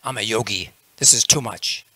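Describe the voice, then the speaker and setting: A man's voice: on the low side, moderate pace, sharp tone, slightly rough, no echo, full character voice. A man voicing a fussy, easily exasperated yogi who grumbles about being put upon.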